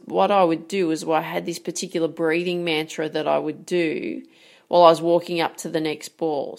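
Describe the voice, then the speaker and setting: Emphatic woman coaching on nerves. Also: fairly low pitch. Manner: direct and emphatic, asks rhetorical questions. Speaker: sports mindset coach. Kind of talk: motivational coaching talk to camera.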